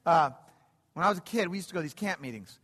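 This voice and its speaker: A middle-aged man delivers a sermon in an animated way, repeating phrases as he builds toward excited high points. His voice sits a little high for a man. It rings out with long reverb through a church sanctuary. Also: fast, breathy edge. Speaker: preacher.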